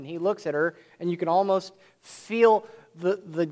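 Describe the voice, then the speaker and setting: With a steady, high-pitched, somewhat mellow tone, a man delivers an earnest sermon. Scripture readings alternate with his explanations, and he slows and builds his voice to stress key ideas.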